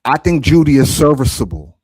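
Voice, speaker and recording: A man co-hosting a casual sports talk stream, giving calm, measured opinions. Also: medium pitch, slightly rough, dry recording.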